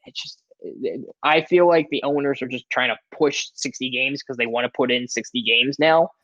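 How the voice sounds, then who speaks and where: A man's voice: mid-range voice, normal speed, a bit bright, no echo, lo-fi sound. A man co-hosting a sports podcast, talking in a rambling, casual way with lots of "like"s and restarts. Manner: rambling, filler-heavy, many "like"s and restarts.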